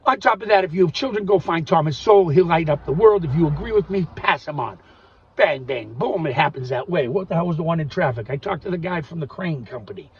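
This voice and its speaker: A man delivering a rambling, profane monologue rant, volatile and swinging between loud outbursts and muttering. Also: fairly high pitch, expressive, fast talker, husky. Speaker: vlogger. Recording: distant dull recording with faint noise.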